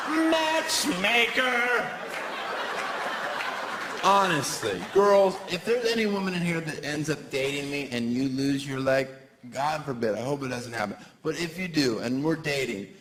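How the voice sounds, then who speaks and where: A man doing a stand-up comedy set on a club stage, talking animatedly and jumping into shrill put-on voices for his bits. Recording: roomy live club sound with crowd noise.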